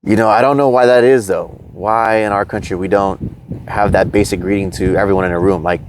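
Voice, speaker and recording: A man's voice: fairly low pitch, steady tone, a little fast, noisy background. A man from the United States, a podcast guest, chatting casually and with enthusiasm about travel.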